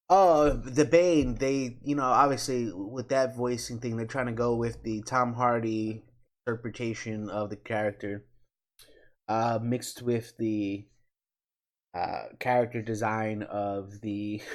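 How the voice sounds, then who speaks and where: A middle-aged man hosting his channel, giving candid, opinionated reaction commentary, swearing casually and pausing with fillers. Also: mid-range voice. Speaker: channel host reacting to a trailer.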